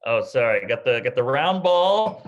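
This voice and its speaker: A man's voice: mid-range voice, sing-song, unhurried, highs cut off. A man co-hosting a casual drinking podcast, wry and laid-back, tossing in jokes. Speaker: podcast co-host.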